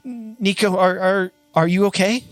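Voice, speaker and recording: A man's voice: high voice, fairly even intonation, unhurried, no room sound, pitched above the performer's own voice. A man voicing a flustered young woman crew member who stammers anxiously while running a tabletop game. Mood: worried.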